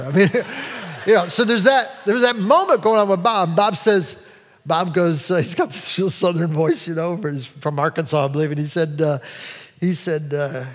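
A man's voice: on the high side, moderate pace, in a large hall. A middle-aged male pastor preaching a sermon, telling stories in a rambling way and often restarting his sentences. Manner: rambling, self-interrupting storyteller.

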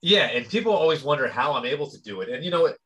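A man co-hosting a podcast, trading crude jokes in a deadpan, casual way. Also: mid-range voice, racing. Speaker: podcast co-host. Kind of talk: casual comedy banter.

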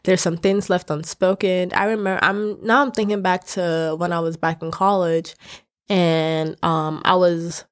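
A woman's voice: fairly low pitch, unhurried. Young woman vlogger, loose talk-to-camera rant, rambling and self-correcting, emphatic when worked up. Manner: expressive, rising to emphatic outbursts. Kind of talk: casual talking-to-camera rant.

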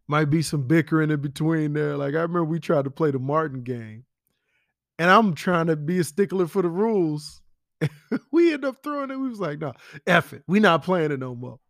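Gravelly man telling stories casually. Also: mid-range voice, no room sound, clean studio sound. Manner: animated, slangy storytelling with acted quotes and whispered asides. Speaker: friend giving a spoken tribute. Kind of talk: casual storytelling.

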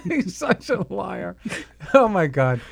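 Co-host, New man, gravelly voice that swings up and down, crowd noise behind him. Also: sits high, very animated, slow. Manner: laid-back, interjecting agreement. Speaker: radio show co-host. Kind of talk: casual comedic banter.

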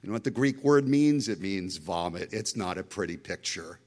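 A man's voice: sits low, expressive, normal speed. A middle-aged man preaching a sermon as a pastor, emphatic and full of storytelling asides.

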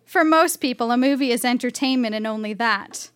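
A woman's voice: fairly high pitch, a little fast. A woman reading her old diary entries aloud on stage with comic sincerity. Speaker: reader of her teenage diary.

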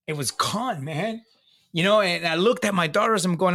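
A man's voice: high voice, normal speed, sharp tone. A middle-aged man casually telling a long personal story, profane and emphatic, looping back with restarts and fillers. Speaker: guest sharing his recovery story.

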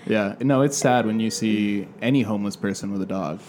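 A man co-hosting a podcast, telling a story in a relaxed, rambling way with casual swearing. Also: fairly low pitch, brisk, slight background noise. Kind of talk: casual chat.

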